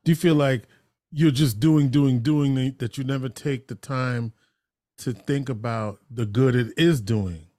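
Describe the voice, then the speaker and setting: Dark-voiced male interview host. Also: medium pitch, measured pace, dry recording, clean studio sound. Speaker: radio show host. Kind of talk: interview questions.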